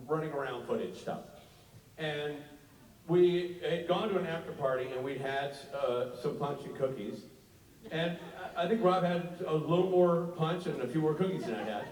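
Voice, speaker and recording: A man hosting a convention panel, telling a comic story with swearing and laughter, recorded from far off in a big echoey hall. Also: fairly high pitch. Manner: animated, profane, laughing. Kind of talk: comedic storytelling on stage.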